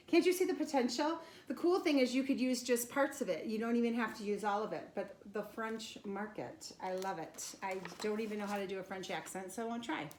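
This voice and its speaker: A woman casually unboxing a craft kit for her channel, bubbly and excited as she shows each piece. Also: on the high side. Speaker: craft vlogger. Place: home craft studio. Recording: echoey room, faint noise.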